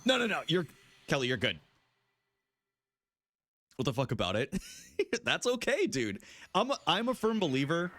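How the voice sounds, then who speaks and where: A man's voice: fairly high pitch, big pitch swings, moderate pace, pauses often, fairly bright tone. A young man live-streaming a game, chatting casually with viewers and laughing often.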